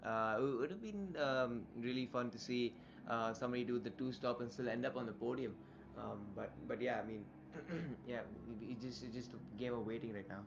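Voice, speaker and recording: A man's voice: medium pitch, a little fast, gravelly, noisy background. Muffled male co-commentator. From India. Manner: easygoing, hesitant, many fillers. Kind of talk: live race commentary.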